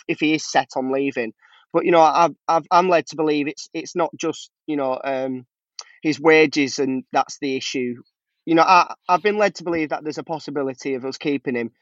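A man's voice: a little high, no room sound, muffled recording. A man, a podcast guest, chatting casually about football, laughing easily and restarting his sentences.

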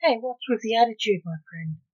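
A woman reading the part of an odd, cheerful masked chicken in slow, evenly read lines. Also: a little high, a little mellow, voice pushed up, lightly acted. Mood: puzzled. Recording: dull lo-fi recording.

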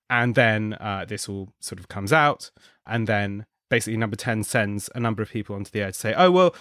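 Low-voiced man, halting analytical talk. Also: a bit bright, dry recording, clean studio sound. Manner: thoughtful, wry, with frequent fillers and restarts. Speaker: guest, contributing editor. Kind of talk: conversational political analysis.

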